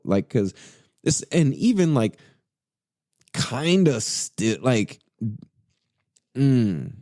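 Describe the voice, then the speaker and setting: Animated, profane man telling a story. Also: slow pace, long pauses, dry recording, studio quality. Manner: animated and profane, pitch jumps when quoting himself. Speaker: podcast host. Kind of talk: casual storytelling.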